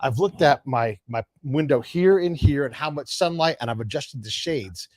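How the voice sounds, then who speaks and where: A man hosting a podcast, talking energetically with quick asides and restarts in a casual conversation. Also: medium pitch, animated, dry recording, clean studio sound. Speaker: podcast host.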